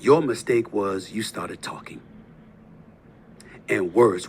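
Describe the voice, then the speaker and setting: In his fifties, a sports talk host goes on a fiery, combative tirade, taunting with rhetorical questions and alternating between low muttering and loud eruptions. He speaks slowly, with long pauses and a breathy edge to his voice.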